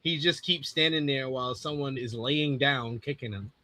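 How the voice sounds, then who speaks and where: A man co-hosting a casual film review, dropping quick comic asides as a fan. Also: mid-range voice, pushed and bright, no echo.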